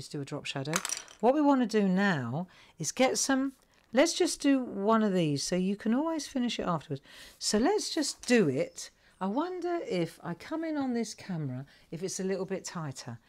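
Low-voiced chatty craft host. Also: female voice. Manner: chatty, thinks aloud, asks viewers questions. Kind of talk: live crafting tutorial chat.

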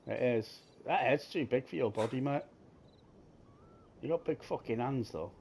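A man's voice: medium pitch, normal speed, vocal fry, a little mellow, slight background noise. A man commentating his gameplay and swearing crudely as he jokes at game characters.

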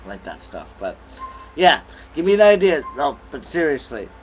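A man's voice: on the high side, sing-song, normal speed, a little hiss or hum, low-quality recording. Rambling young man vlogging at home. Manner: rambling, easygoing, chewing gum. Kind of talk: casual vlog chat. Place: bedroom at home.

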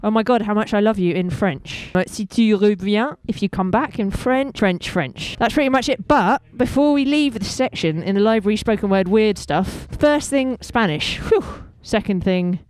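A woman's voice: medium pitch, animated, normal speed, few pauses, darkish tone. A woman browsing records and musing aloud with wry asides. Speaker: shop visitor browsing records. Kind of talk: casual chat. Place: record shop in a venue.

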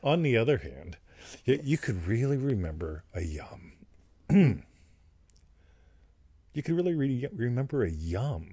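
A man's voice: mid-range voice, sing-song, a little slow, long pauses, dark tone, breathy edge, dry recording. A man co-hosting and teaching in a playful, joking and crude way, who keeps asking "right?". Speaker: co-host and teacher. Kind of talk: casual teaching chat on a livestream.

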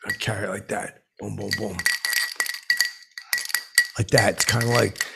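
A man telling a rambling comic anecdote, halting and full of fillers, with blustering asides. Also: fairly low pitch, flat delivery, gravelly, heavy background noise. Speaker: storyteller.

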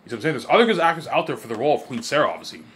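This man's casual vlog monologue rambles excitedly at a racing speed, his pitch medium. He swears freely and regularly trips over his words and starts again.

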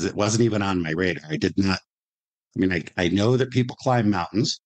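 A man hosting a travel podcast, reading a scripted intro and then chatting casually with restarts and fillers. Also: fairly low pitch. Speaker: podcast host.

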